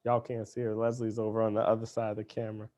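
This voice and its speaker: A man's voice: lowish voice, monotone, quick pace, darkish tone. Chatty man hosting a kids cooking lesson. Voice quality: upbeat, chatty, talks to kids and parents. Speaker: cooking show host.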